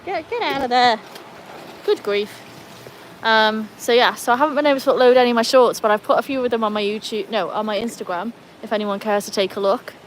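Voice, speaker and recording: Woman, livestream host, outdoors by a pool, chatty, high sing-song with the dogs, faint outdoor ambience. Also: steady tone, fast, a little hiss or hum. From Wales. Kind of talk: casual livestream chat with viewers.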